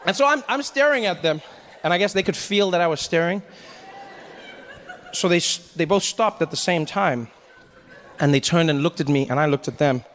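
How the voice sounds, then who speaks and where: A man performing stand-up comedy, telling a story with animated delivery and acting out the characters. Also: a little high, normal speed, long pauses, a little hiss or hum.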